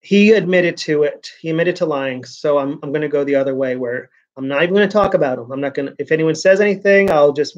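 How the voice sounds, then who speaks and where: A man's voice: a little high, fast, hardly any pauses, lo-fi sound. A man vlogging in a casual, rambling way, venting his frustration and repeating words as he goes.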